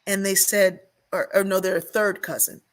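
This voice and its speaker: A woman's voice: mid-range voice, level tone, moderate pace. An older woman, a guest on an interview show, telling a personal story at length and acting out the voices she remembers. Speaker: guest, sociologist and author.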